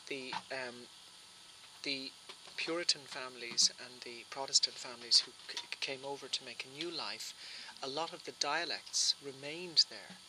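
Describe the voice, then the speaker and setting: A man with a flat Irish accent, explaining at length in an interview, often restarting his sentences. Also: medium pitch, moderate pace, noisy background. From Ireland. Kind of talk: interview answer.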